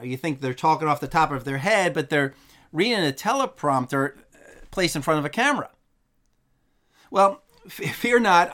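Man, channel host, earnest, reflective, fairly high voice, bright tone. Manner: earnest, reflective, with repetitions and fillers. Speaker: YouTube channel host and Bible teacher. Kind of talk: casual commentary to camera.

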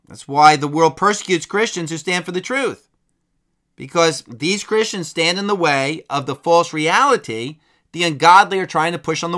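Man preaching, high bright voice, combative and emphatic. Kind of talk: sermon.

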